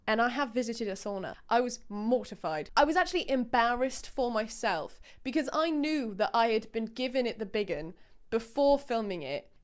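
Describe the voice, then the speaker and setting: A woman's voice: fairly high pitch, animated, normal speed, roomy sound. A woman in her twenties, vlogging casually and mocking herself with frequent laughs. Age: 20s. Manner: chatty, self-mocking, laughs often. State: out of breath while exercising. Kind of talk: casual vlog commentary. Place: home room during a workout.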